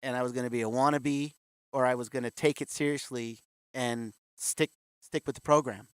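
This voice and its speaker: A man's voice: mid-range voice, fairly even intonation, normal speed, smooth, no room sound. A man in his fifties, a guest in an interview, telling his story candidly and acting out the voices of the people he quotes. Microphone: video call.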